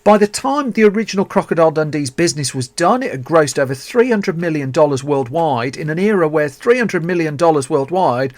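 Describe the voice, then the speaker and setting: Speaking fairly quickly with few pauses and lively intonation, a fairly high-pitched man with a Birmingham accent tells a film's backstory on his solo podcast. He's chatty, wandering into asides and restarting sentences, and there's no echo.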